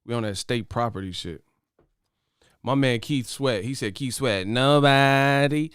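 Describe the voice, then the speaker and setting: A brash man riffing straight to his viewers, profane and mocking as he trash-talks a fighter. His voice sits at an ordinary pitch for a man, recorded close and dry with no room around it. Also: normal speed, clean tone, no echo. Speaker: host of a boxing commentary channel. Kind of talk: casual commentary to camera.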